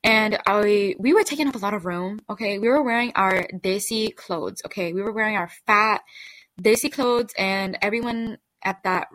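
A woman's voice: mid-range voice, moderate pace, fairly bright tone. A woman hosts her podcast and tells a story from her own life in a loose, talkative style. Her speech is packed with "like" and "okay?" as she goes. Her voice sits in a middle range and sounds dry and close, with no room echo. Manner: chatty, full of "like" and "okay?". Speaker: podcast host. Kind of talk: casual storytelling.

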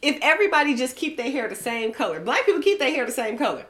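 A young woman co-hosting a podcast in casual chat, animated and often laughing as she rants. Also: high-pitched, fast talker. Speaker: podcast co-host.

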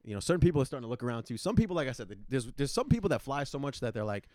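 Animated New guy telling a story. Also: medium pitch, racing, no room sound, studio quality. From New York. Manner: animated storyteller, profane, acts out quotes. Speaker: podcast co-host. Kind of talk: casual podcast chat.

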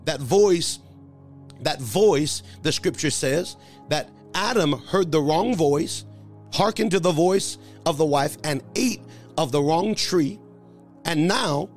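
A man preaching a sermon as a pastor, emphatic, asking the congregation questions and answering them himself. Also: a little high. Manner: emphatic call-and-response preaching.

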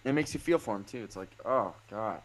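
Male co-host, lively pitch, jokey and slangy film talk. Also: a little fast, rough recording. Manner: joking, slangy, swings pitch for emphasis. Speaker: podcast co-host. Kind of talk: casual movie discussion.

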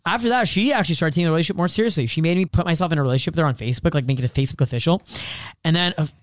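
A man's voice: fairly high pitch, racing, no room sound, clean studio sound. A young man chatting as a podcast co-host, telling crude stories bluntly and acting out quotes. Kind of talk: casual chat.

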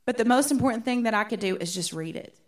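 A woman's voice: on the high side, animated, fast talker. A woman teaching a women's Bible study in a conversational way, often checking in with her listeners.

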